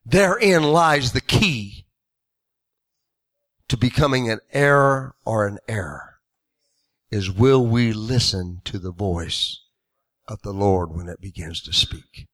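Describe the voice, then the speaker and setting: A man preaching a sermon with fervent delivery, rising into shouted emphasis on key lines. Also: lowish voice, takes it slowly, pauses often.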